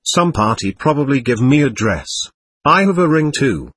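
A man reading aloud the words of a lost, lonely, childlike girl spirit from a séance record, in a plain, steady way. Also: medium pitch, moderate pace, breathy edge, dry recording. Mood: wistful.

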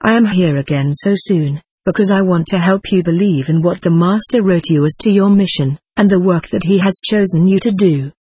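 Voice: medium pitch, normal speed, few pauses, a little mellow, breathy edge, no echo. A reader as Saint John, earnest apostle. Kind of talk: reading channeled spirit letters aloud.

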